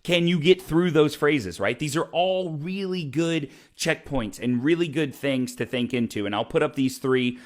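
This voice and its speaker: A man's voice: a little high, moderate pace, hardly any pauses. A man hosting an opera web show from his hot home room, chatting to camera with enthusiasm and many restarts. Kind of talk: casual direct-to-camera talk. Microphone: camera mic with ring light.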